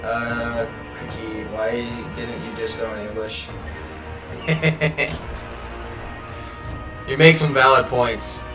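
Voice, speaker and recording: A male streamer talks slowly and loosely over his gameplay, rambling and swearing as he goes. He sounds a little far from the mic in a roomy space. Game music plays clearly behind him. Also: mid-range voice, fairly even intonation. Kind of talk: casual live gameplay chat.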